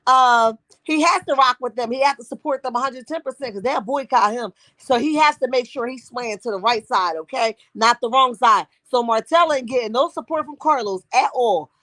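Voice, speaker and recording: A woman hosts a casual gossip live-stream, sassy and talkative. Her voice sits high. It is recorded dry and close, with no room sound. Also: normal speed, hardly any pauses, pushed and bright, no echo. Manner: sassy, calls viewers honey and boo.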